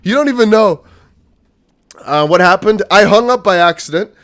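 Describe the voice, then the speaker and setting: A man hosting a live crypto stream, excitable and rambling, out of breath and self-mocking. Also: sits high, moderate pace. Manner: excitable, shouting and laughing with relief. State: out of breath, sweating. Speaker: crypto livestream host.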